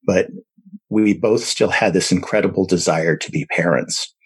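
Low husky man, halting storytelling. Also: dry recording, rough recording. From San Diego area. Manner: halting, many fillers and restarts. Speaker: adoptive parent sharing his story. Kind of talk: casual personal storytelling.

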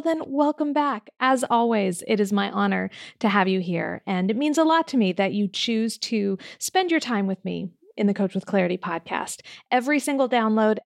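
A woman's voice: medium pitch, creaky, dry recording, studio quality. A woman hosting her own coaching podcast, talking straight to the listener in an upbeat, friendly way. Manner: warm, upbeat, direct address to listener. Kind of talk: solo podcast talk.

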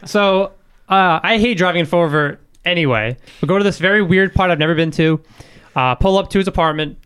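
A young man with a fairly high, crisp voice tells a rambling story on a casual podcast. He swears freely and acts out every quoted line as he goes. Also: fairly quick, a bit bright. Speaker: guest storyteller.

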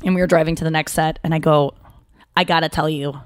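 A woman's voice: sits low, fast, clear, resonant tone, no room sound, studio quality. Rambling, chatty woman podcast host. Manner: rambling, animated storytelling with self-interruptions. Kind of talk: casual chat.

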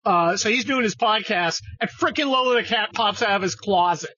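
Male podcast host, profane and mocking, lively swinging voice, dry lo-fi sound. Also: sits high, normal speed, hardly any pauses, no echo. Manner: profane, mocking, jumps between topics. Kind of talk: casual ranting chat.

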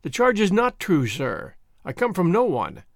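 A man's voice: high voice, wildly swooping pitch, normal speed, creaky, dry recording, clean studio sound, full character voice. A man voicing a polite, earnest young man speaking formally to officers. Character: polite, quick-witted young male cyclist.

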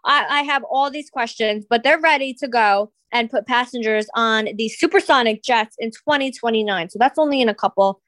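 A woman hosting a casual podcast, blunt and teasing, firing back quick comebacks. Her voice sits somewhat high. It is recorded close and dry. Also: a bit bright, dry recording. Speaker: podcast host. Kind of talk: casual chat.

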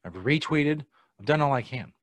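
A man's voice: mid-range voice, lively intonation, moderate pace, no room sound. A man hosting a show, ranting casually and swearing about callers who fail to turn up. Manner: exasperated, swears a lot, rants at absent callers. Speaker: podcast host. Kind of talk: casual profane chat.

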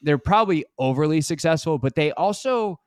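A man's voice: fairly high pitch, animated, a little fast, a little mellow, smooth, dry recording, clean studio sound. A man hosting a sports podcast, chatting casually and rambling with lots of "um" and "like". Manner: rambling, heavy on "um" and "like". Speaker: sports radio and podcast host.

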